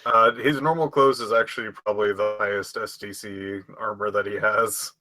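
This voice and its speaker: A man's voice: on the low side, fairly even intonation, normal speed, pushed and bright, dry recording, poor audio. A man playing a tabletop game, listing his character's gear in a rambling way and correcting himself. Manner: rambling, self-correcting, laughs easily. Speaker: player. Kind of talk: casual tabletop game play.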